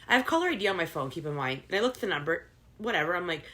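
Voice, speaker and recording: A woman's voice: on the low side, rapid-fire. A middle-aged woman co-hosting a casual podcast with her daughter, telling stories in a bubbly, giggly way. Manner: bubbly, giggly, animated storytelling. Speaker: podcast co-host, mother. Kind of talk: casual chat.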